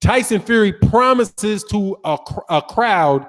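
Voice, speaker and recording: A man's voice: high voice, animated, measured pace, fairly bright tone, in a large hall. A man hosting a casual boxing livestream, reading viewer comments, laughing often and throwing in slang like "dog" and "man". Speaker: boxing channel host.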